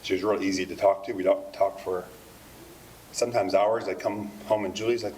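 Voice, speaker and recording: Rambling low-voiced man giving a eulogy. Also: moderate pace, long pauses, noisy background. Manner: rambling, conversational, with frequent fillers and laughs. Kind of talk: memorial speech with anecdotes. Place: memorial service hall.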